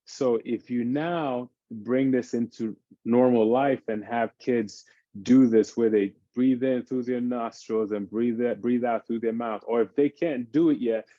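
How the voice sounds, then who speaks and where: A man, a fitness expert on a parenting panel, explaining exercise routines in an animated, casual way. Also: mid-range voice, unhurried, no room sound, muffled recording. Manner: animated, explains by acting out his kids' games.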